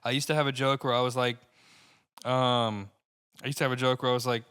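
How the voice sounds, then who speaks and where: Bright-voiced young man ranting casually. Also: medium pitch, little pitch movement, clean tone. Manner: profane, rambling, gets worked up fast. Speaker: podcast co-host and stand-up comic. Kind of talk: casual podcast chat.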